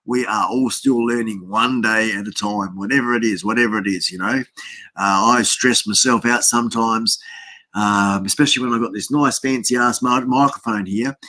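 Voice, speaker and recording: Speaking at normal speed in a lowish, steady voice with a sharp edge, a middle-aged Australian man runs a relaxed livestream from his desk at home. His greetings to viewers wander, peppered with fillers.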